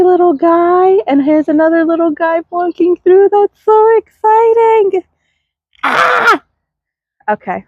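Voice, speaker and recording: A woman's voice: mid-range voice, a little mellow, dry recording. Lady rambling thru her garden, talks to the seedlings, dry close mic. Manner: chatty, self-deprecating, talks to viewers and plants. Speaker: garden vlogger. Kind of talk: casual garden tour walkthrough. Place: outdoor garden.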